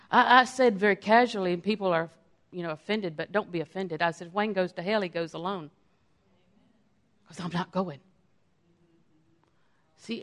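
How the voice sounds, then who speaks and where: A middle-aged woman preaching a sermon with a chatty, storytelling manner. She slips into acted-out bits of her own past talk, then returns to plain teaching. Her pitch sits in a medium range. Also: fairly bright tone. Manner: conversational preaching with acted-out quotes of herself.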